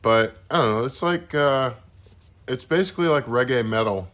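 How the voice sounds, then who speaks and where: A man's voice: mid-range voice, moderate pace, fairly bright tone. A young man co-hosting a podcast, telling rambling stories in casual chat and swearing freely. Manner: rambling storyteller, swears often. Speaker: podcast co-host.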